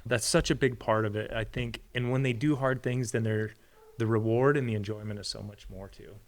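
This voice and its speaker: A man's voice: lowish voice, steady tone, brisk. A man, a podcast guest and hunter, telling stories in an earnest, conversational way. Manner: earnest, storytelling with acted quotes. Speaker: hunter and parent. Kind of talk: casual storytelling conversation.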